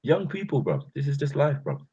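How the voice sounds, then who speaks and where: A man's voice: fairly high pitch, big pitch swings, fairly quick, warm tone, slightly rough, lo-fi sound. A man with a London accent hosting his channel, delivering a passionate rant full of street slang and calling his listeners bruv and fam. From England. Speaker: channel host.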